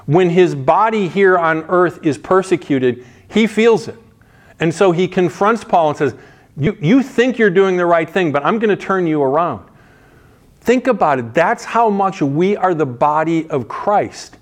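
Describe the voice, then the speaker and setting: Male preacher, slightly high voice, chatty sermon delivery, emphatic asides. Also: expressive, unhurried. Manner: casual and emphatic, with frequent restarts and asides. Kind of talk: conversational sermon.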